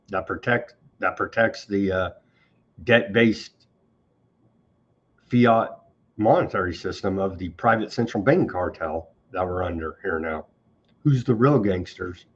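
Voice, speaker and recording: A man hosting a news commentary show reads on-this-day items and mocks them with heavy sarcasm, scornful of government. His fairly low voice is expressive, unhurried, and slightly rough, and the audio is dull.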